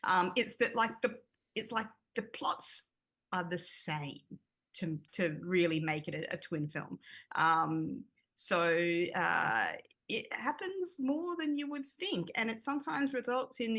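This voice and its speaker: A woman in a podcast talk, laying out a topic at length in a mid-pitched voice. She fills gaps with ums and laughs at herself now and then. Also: animated, takes it slowly, a bit bright. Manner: explains at length, many ums, self-deprecating laughs. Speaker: podcast co-host. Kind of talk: casual explanation.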